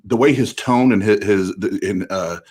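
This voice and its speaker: A man with a low voice chats casually in an online group, hesitating now and then with small fillers. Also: moderate pace, darkish tone. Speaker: channel host who runs debates.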